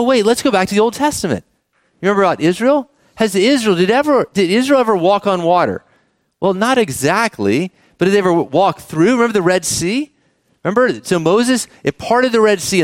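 A middle-aged man delivers a sermon in a conversational, animated way, often asking his listeners questions. His voice sits high and swings widely in pitch. The sound is dry and close, with little room echo. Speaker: pastor.

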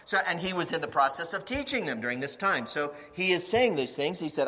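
A male pastor delivers a sermon with a bright, forceful tone and a slightly raised pitch. His delivery swings widely, acting out quoted voices and climbing toward near-shouts. The sound carries a long reverb, as in a large hall. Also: very animated, normal speed, hardly any pauses.

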